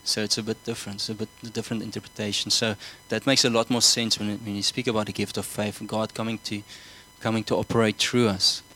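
Male preacher, sermon, bright tone, earnest, repeats words, asks the congregation questions. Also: on the low side, flat delivery, quick pace, few pauses, rough recording.

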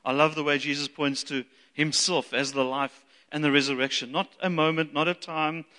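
Man, pastor, sermon, bright voice, animated, hall reverb. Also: a little high, moderate pace. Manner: animated, acts out quoted voices. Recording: long reverb of a large hall.

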